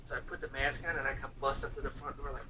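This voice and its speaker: A man in his thirties tells loose, profane stories in casual chat, acting out quotes and padding with fillers. His mid-range voice shows little pitch movement and runs very fast. It's picked up from some distance, with faint room ambience and heavy noise.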